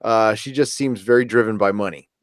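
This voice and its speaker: A man's voice: lowish voice, fairly even intonation, brisk, no echo, studio quality. A man co-hosting a podcast, chatting casually about a TV episode, often hesitating and restarting his sentences between chuckles. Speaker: podcast co-host. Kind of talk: casual chat reviewing a TV episode.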